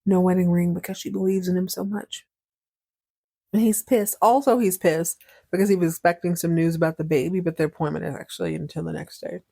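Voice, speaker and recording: A woman's voice: fairly low pitch, fairly even intonation, fairly quick, vocal fry, dark tone, slightly rough, no room sound, clean studio sound. A woman in her thirties hosting a podcast, recapping a soap opera casually with playful, sarcastic asides. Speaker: podcast host.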